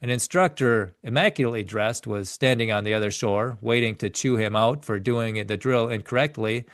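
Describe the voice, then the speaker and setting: A man's voice: mid-range voice, normal speed, dry recording. Man reading aloud, dry close sound. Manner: earnest reading with frequent stumbles and self-corrections. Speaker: narrator reading a book chapter.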